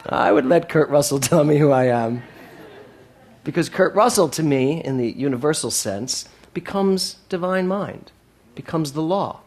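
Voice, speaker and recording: A man's voice: on the high side, lively intonation, measured pace, some chatter behind. Emphatic man giving a sermon. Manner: emphatic, repeats key phrases, swings from loud to soft. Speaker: minister.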